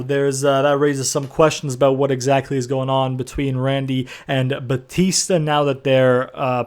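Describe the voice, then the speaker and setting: A young man in the middle of his voice range, narrating his game session as a host. His talk is loose and rambling, full of fillers and restarts, with casual swearing. He sounds relaxed and conversational throughout. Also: mid-range voice. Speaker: gaming video host. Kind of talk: casual game commentary recap.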